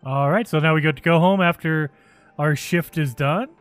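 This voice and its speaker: A man hosting a gaming channel, giving excitable let's play commentary and thinking aloud as he plays. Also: on the high side, normal speed, dry recording, faint music behind.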